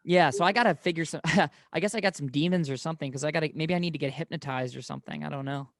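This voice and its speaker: A man's voice: on the high side, fast, fairly bright tone. A young man telling rambling personal stories in casual conversation, often correcting himself mid-sentence. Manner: rambling storyteller, many self-corrections.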